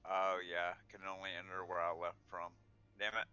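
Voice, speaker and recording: A man's voice: sits low, little pitch movement, normal speed, pushed and bright, clean tone, dull audio, faint music behind. A man playing in a casual online tabletop game, joking and playful. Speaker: player. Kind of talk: casual tabletop role-play.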